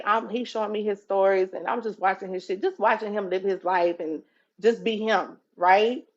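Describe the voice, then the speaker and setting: A woman's voice: medium pitch, muffled recording. A woman hosting a live stream, talking casually and profanely to her viewers and calling them y'all. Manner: animated, profane, talks straight to viewers with "y'all". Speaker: TikTok live host.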